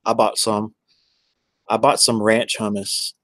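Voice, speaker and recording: A man's voice: on the low side, level tone, slow pace, fairly bright tone, no room sound. Rambling man in dry room. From Texas. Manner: rambling, chatty, answers viewers by name. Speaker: livestreamer. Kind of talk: casual livestream chat.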